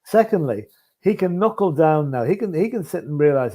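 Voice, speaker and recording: A man's voice: fairly high pitch, expressive, fairly quick, mellow. Opinionated man who keeps saying "right?". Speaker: football podcast pundit. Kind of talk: casual fan podcast chat.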